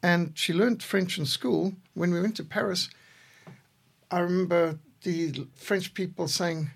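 A man in his sixties, co-host of a podcast, telling measured stories with a dry humor. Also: high-pitched, steady tone, creaky, husky. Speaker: podcast co-host, missionary leader. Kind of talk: reflective conversation.

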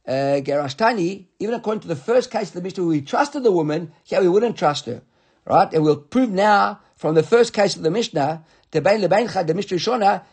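Male Talmud teacher, higher husky voice, halting explanatory delivery with frequent repetitions. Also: darkish tone. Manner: halting, repeats words, reads Aramaic aloud then explains. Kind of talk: Talmud study class.

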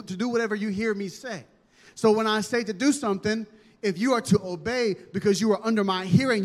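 Man, pastor, high voice, animated humorous sermon, long hall reverb. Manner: animated, humorous, dramatic preaching.

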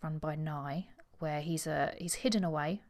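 Gravelly-voiced woman chatting. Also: deep voice, moderate pace, darkish tone. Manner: chatty, hesitant, with frequent ums. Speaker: podcast co-host. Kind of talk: casual book chat.

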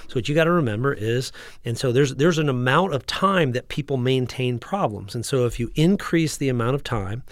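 A man host coaching an audience in an energetic teaching talk, often checking in with his listeners and restarting his sentences. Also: medium pitch, fairly quick, no echo, clean studio sound. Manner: frequent restarts and repeated words. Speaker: practice growth coach and podcast host.

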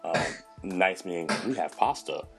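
A man hosting a podcast as a chef, telling animated stories in casual chat, swearing and acting out other people's voices. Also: sits low, normal speed, soft background music.

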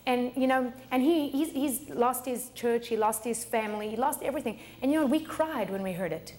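A woman's voice: a little high, brisk, darkish tone. A middle-aged woman pastor preaching a sermon in a chatty way, often laughing and repeating words. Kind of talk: sermon teaching.

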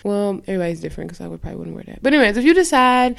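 A woman's voice: medium pitch, lively intonation, rapid-fire, vocal fry. A woman co-hosting a podcast, ranting in a heated, profane and emphatic way. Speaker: podcast co-host. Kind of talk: ranting casual podcast talk.

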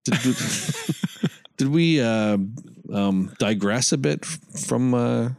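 A man co-hosting a podcast in casual chat, joking and jumping in with quick remarks. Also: medium pitch, gravelly, no echo, clean studio sound. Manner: animated, quick interjections, joking. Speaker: podcast co-host.

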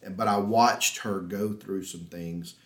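A man's voice: low-pitched, unhurried. A man, a pastor telling stories animatedly on a podcast and acting out the dialogue. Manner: animated storyteller, acts out dialogue. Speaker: pastor, regular guest. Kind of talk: podcast conversation, storytelling. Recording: roomy echo.

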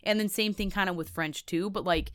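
A woman's voice: mid-range voice, a little fast, smooth, dry recording, studio quality. Chatty woman recapping reality TV. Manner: chatty, frequent "like" fillers, animated. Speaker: podcast co-host. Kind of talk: casual reality-TV recap chat.

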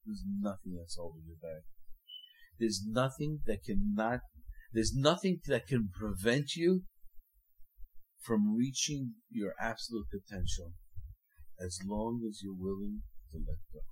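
Husky older man giving a joking sermon. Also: lowish voice, slow, low-quality recording. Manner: animated, joking, acts out little scenes. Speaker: rabbi.

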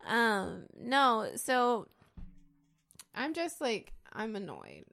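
Brief: outspoken, laughing woman, pitch swinging widely, casual banter. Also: wildly swooping pitch, drawn-out words, creaky, fairly bright tone. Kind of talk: casual group chat.

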